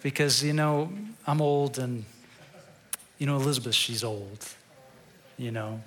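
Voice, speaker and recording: A man's voice: mid-range voice, fairly even intonation, a little slow, a bit bright, voice pushed down, natural voice. A man voicing a doubtful, elderly male priest who mumbles and hedges. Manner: hesitant, mumbling, hedging.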